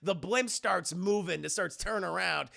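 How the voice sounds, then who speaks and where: Casual streamer guy, high gravelly voice, profane animated retelling. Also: normal speed, no room sound, clean studio sound. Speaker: streamer, film reviewer. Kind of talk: casual chat with live chat.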